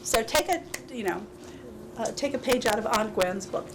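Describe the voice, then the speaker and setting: Animated woman leading a parenting workshop. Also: fairly high pitch, normal speed. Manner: animated, laughing, acts out dialogues. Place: school workshop room. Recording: heavy hiss with clicks, 2000s local TV.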